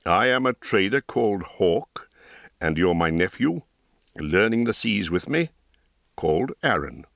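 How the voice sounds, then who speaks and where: Low and slow, a calm and wry old wizard with an easygoing, dryly humorous manner, read by a man. The sound is dry and close, with no room around it. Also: vocal fry, dry recording, heavily acted. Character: wise, wry older male wizard, calm.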